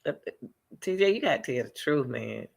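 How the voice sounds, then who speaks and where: A man doing live reaction commentary on a video, animated and talking straight to his chat. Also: medium pitch, moderate pace, vocal fry, breathy edge. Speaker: commentary streamer.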